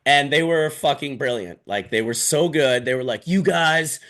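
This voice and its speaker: A man's voice: medium pitch, normal speed. Joking, swearing male stream host. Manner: loud, swearing, joking, storytelling. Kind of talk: casual chat on a live video stream. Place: his office.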